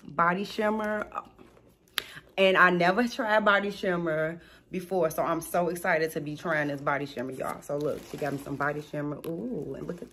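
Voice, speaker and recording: A woman, chatting casually and excitedly as she unboxes gifts at home, calling out to viewers. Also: on the low side, vocal fry, a little hiss or hum. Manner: excited, gushing, addresses viewers as y'all. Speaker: small business unboxing vlogger.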